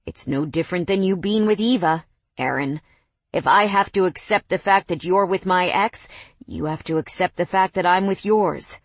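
A woman's voice: fairly low pitch, normal speed, dry recording. A woman voicing a protective young man who snarls back firmly and defiantly in an audiobook scene. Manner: firm, snarling, cursing. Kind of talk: audiobook character voice.

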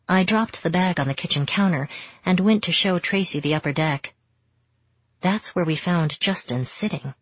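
A woman narrating a first-person romance novel in a steady, intimate storytelling manner. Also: low voice, husky, dry recording, lo-fi sound. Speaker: audiobook narrator.

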